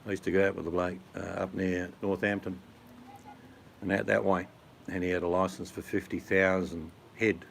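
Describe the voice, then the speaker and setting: Middle-aged Australian man, low voice, rambling blokey chat with viewers, faint hiss behind. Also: flat delivery, normal speed, vocal fry, fairly bright tone. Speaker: vlogger answering chat. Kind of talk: casual chat.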